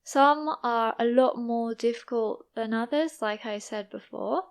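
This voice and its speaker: A young woman with an East Midlands English accent teaches English in a clear, unhurried monologue. She talks slowly and pronounces each word with care. Her voice sits a little high. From East Midlands, England. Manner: careful, deliberate pronunciation. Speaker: English teacher, podcast host.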